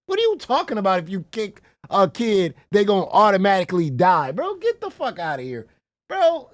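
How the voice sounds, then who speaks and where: Man, reaction streamer, mocking and incredulous, lively pitch, dry close sound. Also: a little fast, dry recording. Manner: incredulous, mocking, swears freely, repeats "bro". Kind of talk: profane reaction commentary.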